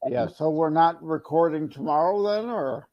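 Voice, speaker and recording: A man co-hosting a podcast in casual chat, laid-back and quick to laugh. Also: fairly high pitch, lo-fi sound. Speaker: podcast co-host.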